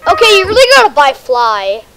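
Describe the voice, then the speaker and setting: A young female gamer chatting casually while playing, excitable and a bit bossy, slightly sick. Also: sits high, brisk, faint music behind, low-quality recording. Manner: excited, bossy about the game. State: a little sick. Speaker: gamer host. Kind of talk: casual game chat.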